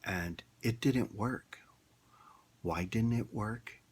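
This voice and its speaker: A man's voice: on the low side, drawn-out words, darkish tone, husky. A man ranting bluntly in a rambling, casual opinion monologue. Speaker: vlogger.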